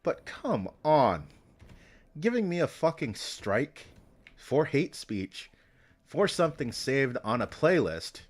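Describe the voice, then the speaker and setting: A man's voice: medium pitch, very animated, slow pace. A man streaming, talking to himself in a meandering, casual way, swearing often and trailing off into restarts. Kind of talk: casual rambling stream talk.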